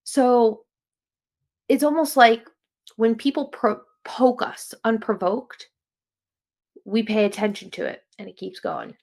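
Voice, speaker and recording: A woman's voice: fairly high pitch, fairly even intonation, takes it slowly, long pauses, darkish tone. A young woman with a New Jersey accent, hosting a casual self-help podcast in a rambling, chatty way that often corrects itself. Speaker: podcast host.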